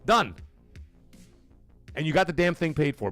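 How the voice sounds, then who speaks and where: A man hosting a gaming livestream, ranting in a casual, animated way with big jumps in pitch and loud bursts, swearing freely. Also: measured pace, faint music behind.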